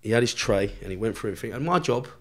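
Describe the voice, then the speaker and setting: A man's voice: fairly low pitch, animated, very fast. A man, a podcast guest telling a story in casual chat, swearing constantly and laughing as he goes.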